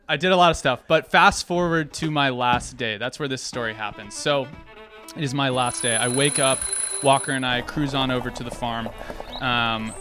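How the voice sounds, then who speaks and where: A young man from the Atlanta area telling a personal story in an animated way, often laughing at himself. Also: medium pitch. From Atlanta area, United States.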